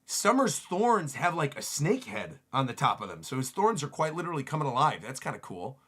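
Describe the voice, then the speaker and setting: Excitable guy reading manga panels out loud on stream, bright husky voice, lots of ups and downs. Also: on the high side, fairly quick. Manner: excitable, reads panels aloud with rising voices and laughs. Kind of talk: reading a comic aloud and reacting.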